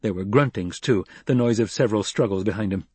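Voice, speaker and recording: Husky male audiobook narrator. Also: lowish voice, brisk, a little mellow, no room sound.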